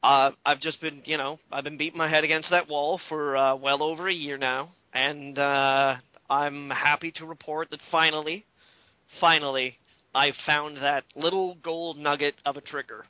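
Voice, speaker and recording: A man's voice: on the high side, fairly even intonation, normal speed, dry recording, muffled recording. A man co-hosting a podcast in casual chat, rambling and swearing freely with lots of fillers. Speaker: podcast co-host.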